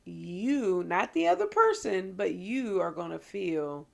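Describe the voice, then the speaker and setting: A woman co-hosting a casual podcast, expressive and laughing often, with exclamations. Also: fairly low pitch, slow pace, vocal fry. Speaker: podcast co-host.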